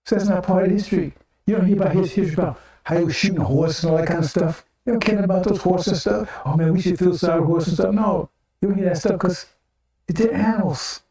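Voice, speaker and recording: Quick and mellow, with a high pitch, an older man delivers an informal broadcast sermon. He talks rhetorically and keeps repeating phrases, ending lines with "right?" or "see?", recorded by a mic set back in an echoey room.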